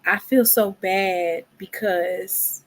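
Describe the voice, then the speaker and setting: A woman's voice: mid-range voice, steady tone, very slow. A woman giving casual commentary, exasperated and dramatic, dropping into whispered asides. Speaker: commentary vlogger.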